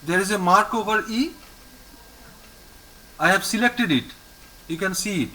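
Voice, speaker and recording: A male French teacher with an Indian English accent, patiently repeating each word slowly for a student in an online class. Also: high voice, bright, forceful tone, low-quality recording. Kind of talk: online language lesson. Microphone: video call.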